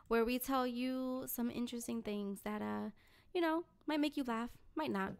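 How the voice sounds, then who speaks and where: A young woman co-hosting a podcast, telling a story in a blunt, animated, profane way. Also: a little high, moderate pace, gravelly, faint music behind. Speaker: podcast co-host. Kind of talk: casual podcast chat.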